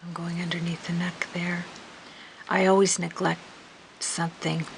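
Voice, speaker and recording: A middle-aged woman chatting casually as she works on a crafting video, murmuring softly and then breaking into giggles and apologies. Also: fairly low pitch, flat delivery, unhurried, vocal fry, a little hiss or hum, rough recording. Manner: soft murmuring while working, bursting into laughter and giggly apologies. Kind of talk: casual crafting tutorial chat. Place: home craft room. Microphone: camera mic.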